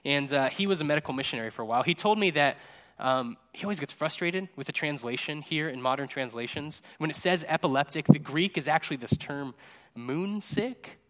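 A man's voice: a little high, expressive, fairly quick, a bit bright. A male pastor giving a casual, joking sermon at a church service into a microphone, often checking in with "right?". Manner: chatty and jokey, tags lines with "right?".

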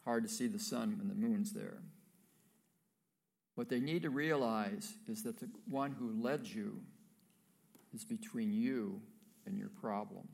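A man's voice: fairly low pitch, gravelly. A male pastor preaching a sermon, reading scripture aloud and breaking off for casual asides to the congregation.

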